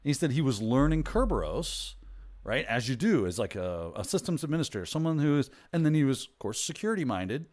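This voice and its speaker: A man's voice: medium pitch, very animated, a little fast, a little mellow. A man hosting a casual livestream chat, talking in a chatty, rambling way and often correcting himself mid-sentence. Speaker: host.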